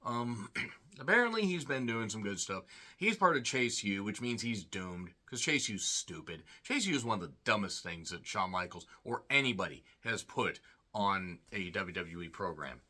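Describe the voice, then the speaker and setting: Guy doing a snarky wrestling show review, kinda low voice but bright and punchy, rambles a lot. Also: big pitch swings, moderate pace. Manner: sarcastic, rambling asides. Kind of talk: casual solo review commentary.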